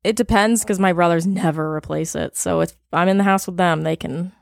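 A young woman with a low, gravelly voice, chatting in a laid-back way. Her words sit close and dry on the mic, with no room sound around them. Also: fairly even intonation, fairly quick, dry recording. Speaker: guest, restaurant server. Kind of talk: casual podcast chat.

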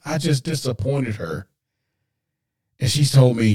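A man's voice: medium pitch, expressive, a little slow, warm tone. A man hosting a podcast, telling a personal story earnestly and emotionally, with preacher-like asides to listeners he calls guys. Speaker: podcast host.

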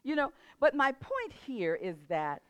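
An older woman who laughs often as she tells a lively story, then moves into a relaxed motivational talk about setting goals. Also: high-pitched, a little slow, smooth, dry recording.

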